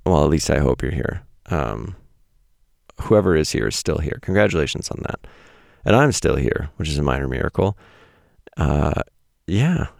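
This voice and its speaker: With big pitch swings, long pauses and a normal speed, a man in his thirties reads his own essay on his podcast in a very deep, gravelly, somewhat mellow voice. He's casual, wry and self-mocking, adding blunt asides. The studio-quality recording has no room sound.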